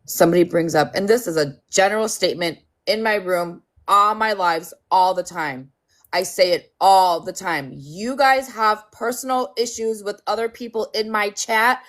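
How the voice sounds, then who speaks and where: A woman's voice: mid-range voice, moderate pace. A woman hosting a casual livestream, blunt and sweary, scolding her chat and joking around. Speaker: livestream host.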